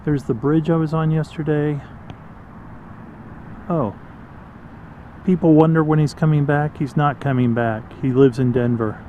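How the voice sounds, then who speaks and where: A man's voice: medium pitch, lo-fi sound, a little hiss or hum. A man vlogging while he walks outdoors by a creek, rambling and joking with his viewers. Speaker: vlogger, treasure hunter. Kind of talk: casual walking vlog. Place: outdoors by a creek in a city park.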